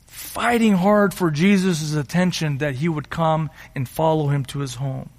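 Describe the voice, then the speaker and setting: Man, pastor, earnest sermon, emphatic slowdowns, high voice, long reverb. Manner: earnest, slows for emphasis, dramatizes quotes. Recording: reverberant hall.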